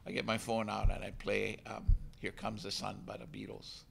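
A man, a canoe crew member telling a lively story to a hall audience and acting out the voices. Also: fairly low pitch, normal speed, creaky, a little hiss or hum. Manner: animated storyteller, laughs and acts out voices. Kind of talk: storytelling talk.

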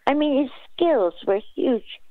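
A woman's voice: high-pitched, lively intonation, measured pace, no room sound. Female phone-in caller, hesitant but keen, phone-line sound. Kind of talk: phone-in call. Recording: dry tinny phone line.

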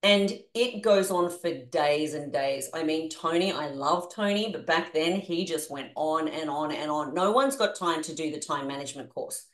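A woman with an Australian accent leading a group coaching session on a video call, energetic and animated as she coaxes the group through exercises. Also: low-pitched, moderate pace, few pauses, roomy sound. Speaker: business coach.

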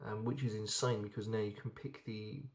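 A man's voice: on the low side, fairly even intonation, normal speed. Chatty man reviewing beer. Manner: chatty, enthusiastic, rambling with many ums. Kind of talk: casual beer review vlog.

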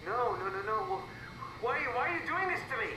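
A man's voice: very high-pitched, sing-song, brisk, recorded from a distance. A frightened man trapped in an empty simulation, pleading and repeating himself in rising panic, his voice swinging widely. The sound is roomy and set back from the mic, with game ambience hissing underneath. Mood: panicked.

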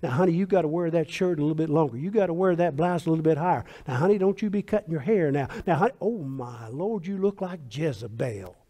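A man's voice: a little high, animated, fast, few pauses, mellow. A man mimicking prim scolding church ladies. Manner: fussy, condescending "honey" tone. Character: prim, scolding holiness church women lecturing a young wife. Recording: long hall reverb.

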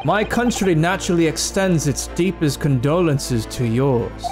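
A man's voice: on the high side, lively intonation, measured pace, over music. A man voicing a pompous older British judge with a put-on, patchy British accent and stately, proud declarations. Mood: formal. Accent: put-on British, mixed.

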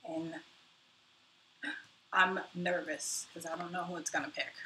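A woman's voice: lowish voice, fairly even intonation, unhurried, sharp tone, slight background noise. A woman hosting her own live stream in casual chat, self-deprecating and muttering asides to herself. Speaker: YouTube host. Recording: roomy echo, mic at a distance.

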